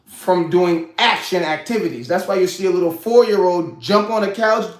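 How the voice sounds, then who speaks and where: This forties-aged show host has a high-pitched voice and talks at a normal speed in a reverberant space. Speaking casually to the camera, he laughs a lot and leans heavily on "you know what I'm saying."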